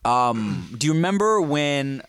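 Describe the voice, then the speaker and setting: A man's voice: medium pitch, sing-song, a little slow, fairly bright tone, smooth, no echo. A man in his thirties co-hosting a podcast, telling a story in a laid-back, swearing, joking way. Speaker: podcast co-host. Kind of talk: casual podcast banter.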